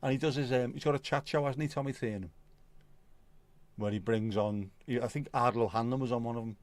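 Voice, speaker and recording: A middle-aged man hosts a relaxed livestream chat in a dry, close-miked sound. His voice sits at a middle pitch. He laughs and swears freely while he rambles along. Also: brisk, no echo. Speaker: livestream host. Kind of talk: casual chat reading viewer comments.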